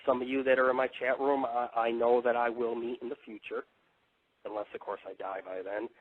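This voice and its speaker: A man's voice: medium pitch, level tone, a little fast, a little hiss or hum. A man hosting a live internet radio show, talking in a rambling, profane, combative monologue. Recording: tinny phone-like dry audio.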